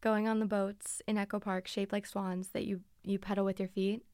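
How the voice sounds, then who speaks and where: Bubbly young woman with vocal fry. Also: medium pitch, little pitch movement, normal speed, darkish tone, no echo, studio quality. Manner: chatty, bubbly, answers listener questions. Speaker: podcast host. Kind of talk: casual solo podcast chat. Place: recording studio. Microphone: studio microphone.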